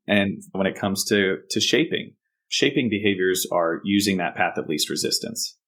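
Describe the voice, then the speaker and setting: A man with a fairly low-pitched voice, speaking as a counselor in an interview. He explains in a steady, conversational way and often drops into sample lines he would say to a child. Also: moderate pace. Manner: explanatory, acts out example phrases to kids.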